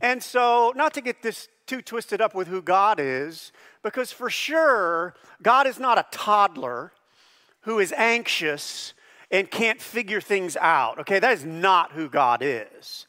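A middle-aged man preaches with a high, bright, forceful voice. He is animated and jumps louder and higher on the words he stresses. His voice rings out with a long reverb, as in a large church sanctuary. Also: takes it slowly. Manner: animated, bursts loud and high on emphasized phrases. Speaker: pastor. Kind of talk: sermon.

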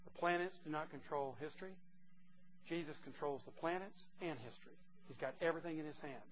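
A man preaching a sermon, emphatic and teasing, swinging from quiet asides to loud declarations. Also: on the high side, fairly quick, soft background music. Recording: dull lo-fi recording with faint noise.

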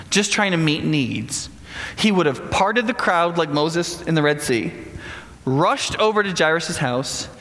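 A man delivers a sermon with a high, lively voice that jumps around in pitch. His tone has a gravelly edge, and he keeps throwing rhetorical questions at the listeners. The sound carries a long hall reverb. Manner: animated, conversational, frequent rhetorical "right?". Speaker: preacher.

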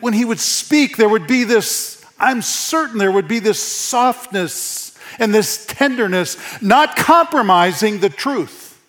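A man preaching a sermon to his congregation in church, earnest, repeating phrases for emphasis and dropping to a soft hush. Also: high-pitched. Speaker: pastor.

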